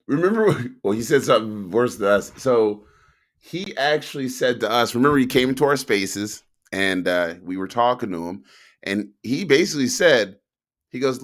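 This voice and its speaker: A man's voice: mid-range voice, expressive, normal speed. A man co-hosting a casual talk show, telling stories in a laid-back, profane way. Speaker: podcast co-host. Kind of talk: casual chat.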